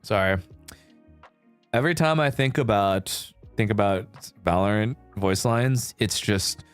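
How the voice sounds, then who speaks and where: A man's voice: fairly low pitch, a little slow, clean tone, soft background music. A male streamer in casual chat, laid-back and rambling with fillers, swearing and laughing often.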